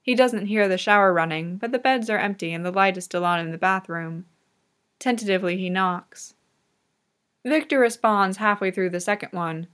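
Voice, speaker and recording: A woman reader narrating a fan audiobook in a calm, measured storytelling manner. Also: medium pitch.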